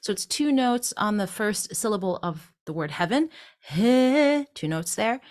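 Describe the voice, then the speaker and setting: A woman's voice: mid-range voice, animated, normal speed. A woman vocal coach teaching a song, explaining phrasing and breaking into sung lines to demonstrate. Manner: encouraging, checks in with listeners. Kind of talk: singing lesson, explaining and demonstrating.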